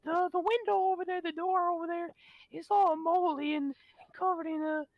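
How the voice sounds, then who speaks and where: A woman doing a tiny spore chorus, high and bouncy, rambling and swearing, dry sound. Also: steady tone, normal speed, no room sound, dull audio. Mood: giddy. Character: chatty horde of tiny spore creatures.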